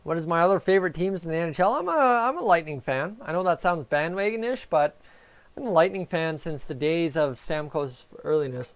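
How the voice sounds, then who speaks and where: Young man, high and smooth voice, jittery fan reacting live to a game. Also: fairly quick. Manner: nervous, excitable, talks to chat. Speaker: fan streamer.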